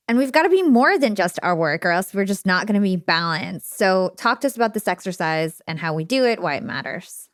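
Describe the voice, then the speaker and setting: A woman hosting a podcast, with a voice a bit lower than most women's. She speaks enthusiastically as she sets up a question for her guest. The recording is close and dry. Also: no echo. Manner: enthusiastic, asks open questions. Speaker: podcast host. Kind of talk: conversational interview.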